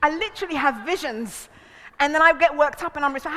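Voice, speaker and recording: Woman, seminar leader, fairly high voice, lively, acts out quotes, reverberant hall. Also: fast talker. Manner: animated, acts out voices in quotes, laughs often. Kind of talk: relationship seminar talk. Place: seminar room.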